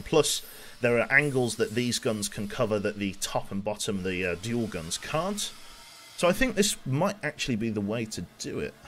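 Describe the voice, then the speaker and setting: A man in his twenties from England, his Birmingham accent only occasionally slipping through, talks his way through a live game stream. His voice sits on the low side but swings up and down with lively animation as he reads out menus and pokes fun at himself. A faint ambient hum runs underneath. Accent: light Birmingham. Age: 20s. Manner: chatty, self-mocking, reads out game menus. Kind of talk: live gameplay commentary.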